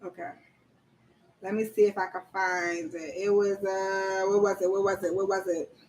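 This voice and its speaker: This time the woman's voice is mid-range and darkish, delivered flatly at normal speed over a rough recording. She's still the casual livestream host coaching on government contracts, slangy and chatty, reading viewer chat aloud and quizzing people, laughing often and calling them y'all.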